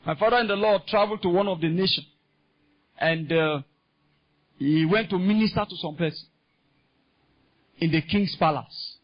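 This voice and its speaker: A man preaching a sermon in a Nigerian English accent, impassioned and climbing into shouts. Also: high-pitched, moderate pace, pauses often. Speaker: pastor. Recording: dull lo-fi sound.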